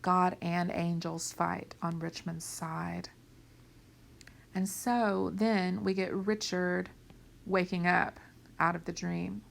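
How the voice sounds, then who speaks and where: A woman teaching a lecture on a play, explaining plainly, checking in with "right?" and "okay?", and softly whispering some quoted lines. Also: on the low side, level tone, slow pace, vocal fry.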